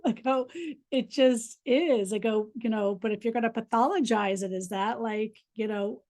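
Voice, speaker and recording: A woman hosting a podcast, with a voice that sits fairly high. She talks in a chatty, affirming way and often leans on "you know" and "right?" as she shares her own experiences. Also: fairly even intonation, moderate pace, darkish tone. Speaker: podcast host. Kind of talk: casual interview chat.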